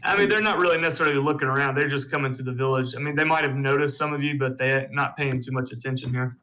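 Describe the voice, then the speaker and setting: A man narrating as game master of a tabletop game, describing scenes in a relaxed, loose way with plenty of fillers. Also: mid-range voice, quick pace, a little hiss or hum, rough recording.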